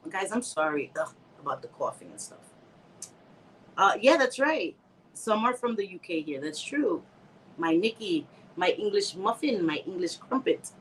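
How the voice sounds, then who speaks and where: Very animated yet a little slow, this livestream host speaks in a fairly low, slightly bright voice and pauses often. She's a middle-aged woman streaming casually from home on a close phone mic, laughing a lot, reading out comments and dropping in Spanish words. The audio is poor, with a bit of hiss or hum.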